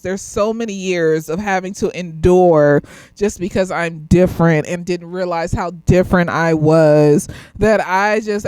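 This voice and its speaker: A woman's voice: mid-range voice, clear, resonant tone, dry recording, poor audio. Tipsy woman ranting with dry sound. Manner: profane and blunt, laughing often, swinging between loud outbursts and quiet muttering. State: slightly tipsy. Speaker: therapist reviewing a TV episode. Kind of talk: casual commentary vlog.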